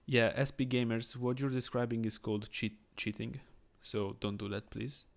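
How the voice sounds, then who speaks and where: In casual live-stream commentary, a Swiss man chats with viewers while working through a chess game aloud, his English non-native and Swiss-accented. His mid-range voice is steady in tone, moderately paced, with vocal fry.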